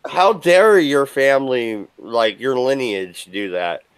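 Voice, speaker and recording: A man's voice: medium pitch, animated, slow pace, smooth, no room sound, poor audio. A man from the US hosting a livestream, ranting casually with crude jokes. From United States. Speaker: livestream host. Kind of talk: casual chat.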